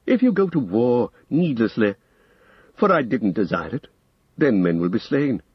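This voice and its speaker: A man voicing a proud, persuasive old male wizard in an audiobook, with smooth coaxing speech that climbs to lofty emphasis. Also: mid-range voice, very animated, measured pace, no echo. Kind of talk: audiobook character reading. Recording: dull lo-fi audio, dry.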